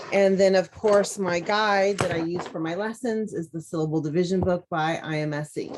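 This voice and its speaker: Lady teacher, slow and careful, sounds out each word, lowish voice, faint hiss behind. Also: darkish tone, rough recording. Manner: slow, deliberate, sounding out words. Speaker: teacher demonstrating a lesson. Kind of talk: instructional demonstration.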